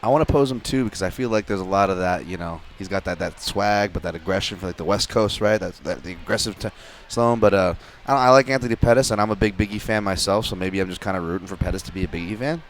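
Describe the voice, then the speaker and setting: A man co-hosting a sports radio show, talking in quick, rambling casual chat and often restarting his sentences. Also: low voice, a little hiss or hum.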